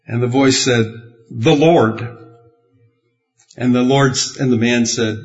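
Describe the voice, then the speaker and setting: A man's voice: medium pitch, steady tone, unhurried, soft background music. A man preaching a sermon in a rambling, good-humored storytelling way, chuckling at his own jokes. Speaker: pastor. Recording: dull, muffled lo-fi sound.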